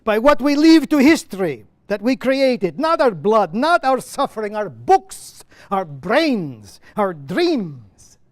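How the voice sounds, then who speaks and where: A man's voice: high voice, big pitch swings, slow pace, dry recording, clean studio sound, voice pushed up, full character voice. A man reading out a driven, impassioned legal crusader. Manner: declamatory, impassioned recitation of a stage monologue. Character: earnest, driven male legal crusader in exile. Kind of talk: reading a play monologue aloud.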